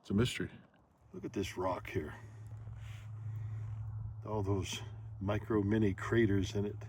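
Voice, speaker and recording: Man, slow-talking, low-pitched, reflective outdoor vlog narration, woods. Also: fairly even intonation, darkish tone, a little hiss or hum. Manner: slow, musing, philosophical. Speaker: vlogger.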